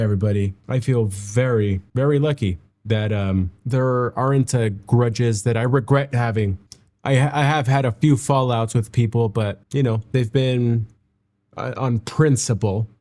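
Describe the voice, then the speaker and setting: A man with a mellow, warm voice at an ordinary middle pitch reflects aloud while reacting to music. He speaks in a halting, heartfelt way, restarting his sentences and sounding close to tears. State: emotional, near tears. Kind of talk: reflective casual reaction commentary.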